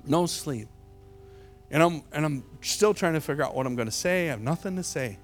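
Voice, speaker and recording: A middle-aged man preaching a sermon as an evangelist, telling a story with lots of repeated words, jumping from loud to hushed. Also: on the high side, expressive, a little fast, soft background music. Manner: repeats words and restarts often.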